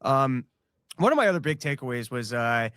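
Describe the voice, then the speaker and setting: A man giving pointed political criticism in casual chat, with halting starts. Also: medium pitch, very animated, fairly bright tone, clear, resonant tone, no room sound.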